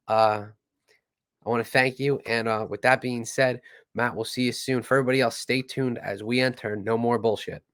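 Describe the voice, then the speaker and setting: A man hosting a podcast, talking casually and getting animated. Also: medium pitch, clear, resonant tone, no echo, clean studio sound. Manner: animated, ranting. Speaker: podcast host.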